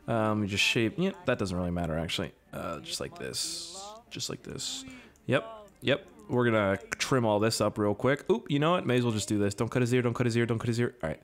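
A young man giving casual, profane gameplay commentary, jokey and quick to get excited. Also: lowish voice. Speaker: gaming YouTuber.

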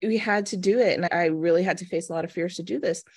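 A woman in her thirties who works as a manifestation coach tells a personal story during an interview, earnest and chatty, acting out the voices she quotes. Her voice sits on the low side, a little mellow and husky, and she talks quickly. The recording is studio quality with no room sound.

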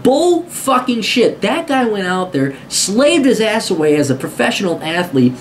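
A man's voice: high-pitched, very animated, moderate pace, slight background noise. A man giving blunt, profane advice to a viewer, swearing heavily and repeating his points for emphasis. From United States. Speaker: host answering a viewer question. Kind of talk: profane advice rant to camera.

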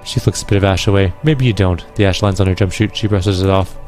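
A man reading a detective game's narration aloud with a steady, plain storytelling delivery. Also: deep voice, fast, faint music behind. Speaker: gaming channel host.

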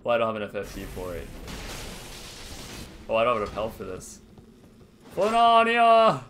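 A young man giving playful gameplay commentary, laughing often and breaking into sudden excited yelps. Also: fairly low pitch, quick pace, slight background noise. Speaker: gaming YouTuber.

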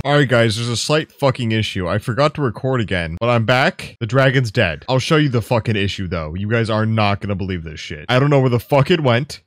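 Foul-mouthed young guy gaming, lively voice. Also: normal speed, hardly any pauses, dry recording. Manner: profane, swings from low mutters to loud yelps. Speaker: gaming YouTuber. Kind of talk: gameplay commentary.

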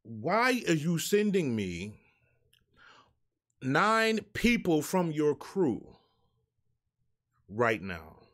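A man's voice: fairly high pitch, huge pitch swings, very slow, long pauses, a bit bright. A man hosting his own live show, ranting in a profane, exasperated way to the people who send him music. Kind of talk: ranting live stream talk.

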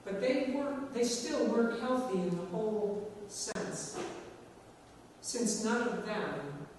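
A woman preaching a sermon in a church, measured and dramatic, with slow emphatic pauses. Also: mid-range voice, lively intonation, a little mellow, slight background noise. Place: large church sanctuary. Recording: echoey church hall, recorded from far off.

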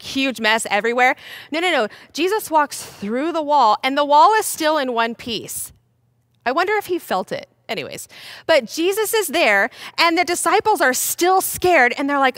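A young woman teaching a children's Bible lesson, playful and animated, talking straight to the kids. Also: high voice, no room sound, studio quality.

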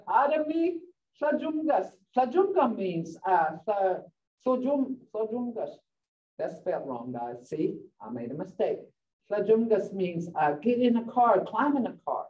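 Lively woman teacher, far from mic. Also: on the high side. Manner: lively, laughs often, repeats words slowly for learners. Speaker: language teacher. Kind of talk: teaching a vocabulary lesson. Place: classroom. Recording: dull lo-fi sound from a distant mic.

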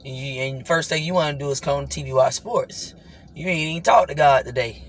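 A woman's voice: low-pitched, brisk, rough recording. A tired woman, worn out after an all-night shift, gives a casual devotional talk to her viewers, chatty and full of "guys" and "you know.". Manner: loose, conversational preaching with repeated "guys" and "you know". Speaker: vlogger hosting a weekly worship talk. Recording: clear traffic noise behind.

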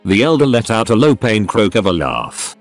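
A synthetic male voice narrating a story in a steady reading manner. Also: lowish voice, moderate pace, soft background music.

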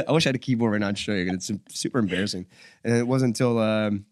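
A man talking as a musician guest in a casual podcast interview, animated, acting out what people said. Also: fairly low pitch, very fast, no echo, studio quality. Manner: animated storyteller, acts out quotes.

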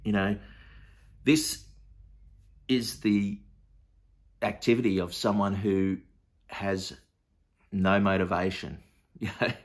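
Preacher, male, lowish voice, chatty Bible teaching with lots of ums and restarts. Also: little pitch movement, takes it slowly, long pauses. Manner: conversational, hesitant with many fillers and restarts.

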